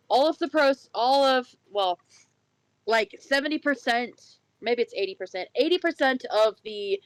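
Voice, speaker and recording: A woman's voice: fairly high pitch, smooth, no room sound, poor audio. A woman co-hosting a casual chat show, rambling and correcting herself, slipping into a put-on Irish lilt. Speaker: podcast co-host.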